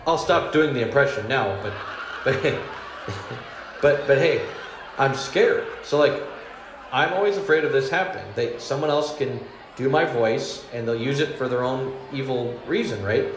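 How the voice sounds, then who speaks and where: A man's voice: medium pitch, a little slow. Rambling man doing stand-up, echoey. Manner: meandering, self-deprecating, chuckles through his own jokes. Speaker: stand-up comedian. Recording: echoey room with faint hum.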